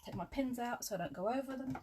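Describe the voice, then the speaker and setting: A woman's voice: a little high, quick pace, heavy background noise. A woman teaching quilting in a chatty live tutorial. She talks through measurements step by step and drifts into friendly asides.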